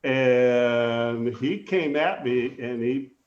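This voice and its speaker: An older man, a former ballplayer, telling animated stories in a casual interview, acting out the voices he quotes. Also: medium pitch, very slow, echoey room, highs cut off. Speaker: guest, former baseball player.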